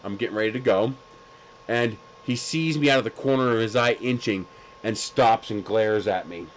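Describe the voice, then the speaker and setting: A man's voice: fairly low pitch, normal speed, slight background noise, rough recording. A man hosting a livestream, telling stories in a casual chat with lots of laughter and crude jokes. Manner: laughing, crude joking storyteller. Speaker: livestream host.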